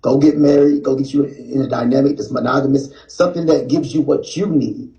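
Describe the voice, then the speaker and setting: A man, explaining his views calmly and earnestly in a clip. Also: mid-range voice, brisk. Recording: dull lo-fi clip audio.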